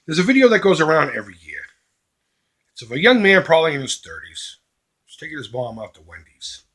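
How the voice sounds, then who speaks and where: A middle-aged man making an earnest, emphatic charity appeal to his viewers as a vlogger, swinging between loud and hushed. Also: on the high side, wildly swooping pitch, a little fast, husky.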